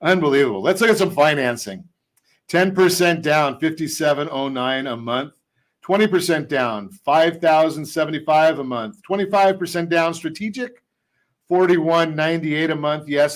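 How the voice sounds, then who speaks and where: Male talk radio host, a bit high-pitched, chatty, trips over words, throws in dry jokes. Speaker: radio host and mortgage expert. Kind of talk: casual radio talk show.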